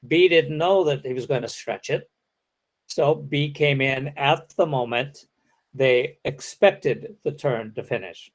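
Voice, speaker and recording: A man's voice: medium pitch, slow pace. A man giving an academic lecture, explaining step by step and acting out example sentences.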